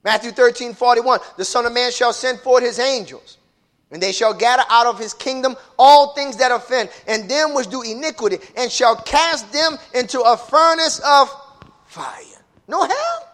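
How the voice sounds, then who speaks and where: High-voiced preacher man swinging loud to soft. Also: normal speed. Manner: swings from booming shouts to low, hushed lines; calls out to the congregation. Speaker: pastor. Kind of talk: preaching a sermon.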